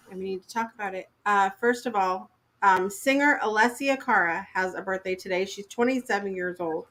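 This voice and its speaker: Female host: bright, chatty, a little scattered and quick to laugh, with casual talk-show energy. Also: medium pitch. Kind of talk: casual live-show hosting.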